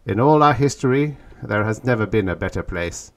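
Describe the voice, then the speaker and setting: A man's voice: lowish voice, animated, brisk, voice pushed up. A man reading an audiobook, voicing a proud, cunning alien male warrior leader who speaks coldly and boastfully. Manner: cold, boastful, menacing.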